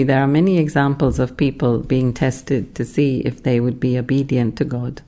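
A spiritual teacher giving a measured class talk, explaining ideas and asking the listeners rhetorical questions. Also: mid-range voice, warm tone.

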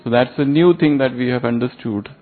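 A man giving a sermon, telling a moral fable slowly in short phrases. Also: medium pitch. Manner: slow storytelling in short phrases. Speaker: spiritual teacher. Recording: tinny phone-like line, faint music.

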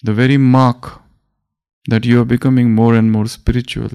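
A man giving a spiritual discourse as a teacher, speaking slowly and deliberately and repeating his phrases. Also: medium pitch, level tone, dark tone, smooth.

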